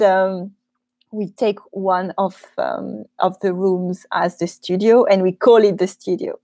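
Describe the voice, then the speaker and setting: Woman, French accent, chatty teacher, mid pitch, dry studio room. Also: darkish tone, dry recording. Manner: chatty, laughs easily, frequent ums. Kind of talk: live Q&A chat. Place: small studio room in a co-working office.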